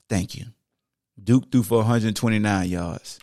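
A man's voice: lowish voice, measured pace, darkish tone, no echo, studio quality. A man hosting a sports podcast, reading stats matter-of-factly and patiently scolding his co-host.

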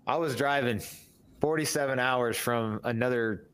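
A man's voice: medium pitch, normal speed, a bit bright, clear, resonant tone. A man co-hosting a casual sports podcast, blunt, profane and teasing. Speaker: podcast co-host.

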